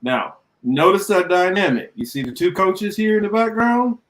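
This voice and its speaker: A man's voice: high voice, moderate pace, fairly bright tone. A man co-hosting a podcast, giving joking, profane running commentary on video clips. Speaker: podcast co-host.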